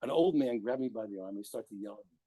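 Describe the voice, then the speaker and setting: A man teaching a lively Talmud class to students, talking emphatically and firing off rhetorical questions. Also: lowish voice, very fast, slightly rough, dry recording.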